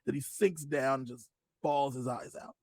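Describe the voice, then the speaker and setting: A man's voice: mid-range voice, steady tone, moderate pace, a little mellow, breathy edge, dry recording, poor audio. A man co-hosting a podcast, chatting casually and acting out movie scenes in exaggerated voices. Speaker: podcast co-host. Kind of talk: casual chat.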